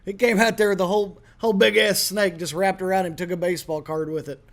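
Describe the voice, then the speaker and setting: Man, podcast host, high voice, brash, joking. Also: fairly even intonation, quick pace. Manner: brash, joking, swears freely. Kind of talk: casual podcast talk.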